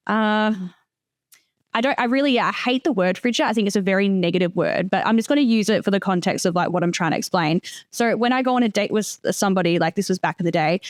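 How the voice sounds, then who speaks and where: A woman's voice: mid-range voice, fast, no echo, studio quality. A woman hosting a podcast, talking frankly and chattily, swearing casually. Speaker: podcast host.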